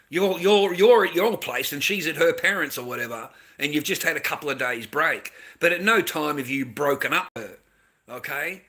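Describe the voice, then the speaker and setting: In a casual rant to his viewers, a middle-aged Australian man rambles and lectures, swearing heavily. His tense, cutting voice has a sharp tone and sits slightly high for a man.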